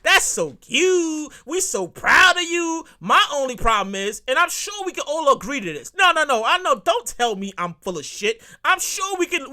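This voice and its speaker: A podcast host with a New York accent, ranting solo in a comedic way, who gets excited, repeats phrases and swears freely. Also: mid-range voice.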